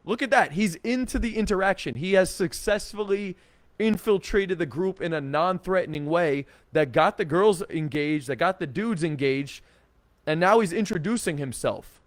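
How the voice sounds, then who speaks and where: A man giving casual dating advice to camera, energetic and blunt, with swearing and lots of 'like'. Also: sits high, moderate pace, dry recording. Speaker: dating coach.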